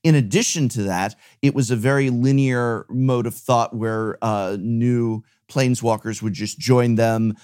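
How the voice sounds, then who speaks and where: A man of ordinary pitch co-hosts a relaxed conversation. He lays out his views firmly and expressively, often stalling on fillers while he finds his words. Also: unhurried, hardly any pauses, smooth. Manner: opinionated, expressive, hesitant with fillers. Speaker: co-host. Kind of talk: casual chat.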